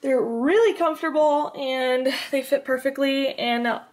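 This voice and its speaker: A young woman chatting casually in a vlog, talking quickly. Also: sits high. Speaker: vlogger.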